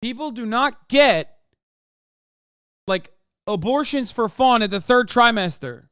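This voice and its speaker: A man in his thirties speaks in an extremely high, pushed and bright voice, animated yet slow-paced, with a clean tone. He's a streamer reacting to a political interview, ranting profanely and combatively at his chat. The studio-quality recording has no echo.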